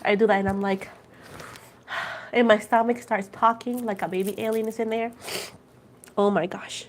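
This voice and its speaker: A woman's voice: medium pitch, moderate pace. Chatty woman livestreaming to viewers. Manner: chatty, animated storytelling, repeats points a second time for viewers; addresses viewers as "guys" and "girl". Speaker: tarot reader livestreaming. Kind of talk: casual livestream chat.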